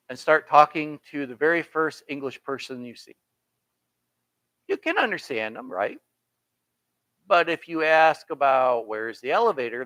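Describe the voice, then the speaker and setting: New guy teaching bible study, bright voice, kinda high, lots of "you know" and "right?" asides. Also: no echo, low-quality recording. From New York. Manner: conversational, folksy asides and rhetorical questions. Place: church Bible study room. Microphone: computer streaming the class.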